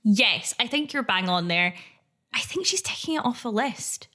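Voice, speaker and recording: A woman, co-hosting a podcast and recapping a TV episode in casual chat, playful and quick to laugh. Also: on the high side, big pitch swings, pushed and bright. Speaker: podcast co-host.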